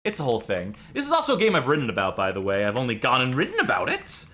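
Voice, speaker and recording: A young man co-hosts a let's-play game show in a mid-range voice that is pushed and bright, racing along with huge pitch swings. He rambles enthusiastically and pokes fun at himself.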